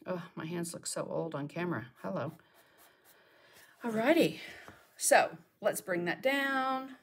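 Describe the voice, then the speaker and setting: A middle-aged woman with a slightly low voice leads a live painting tutorial from her studio. She chats casually and talks to herself while she works. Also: animated, normal speed. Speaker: painting teacher. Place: home art studio.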